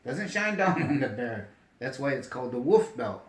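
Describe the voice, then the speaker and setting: A man tells a long story in an easy, conversational way. His delivery is emphatic and animated, and he keeps checking that the listener is following. His voice sits at an ordinary pitch, and the room around him is noticeably echoey. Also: normal speed. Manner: animated, emphatic, asks "you get me?". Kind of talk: casual storytelling chat.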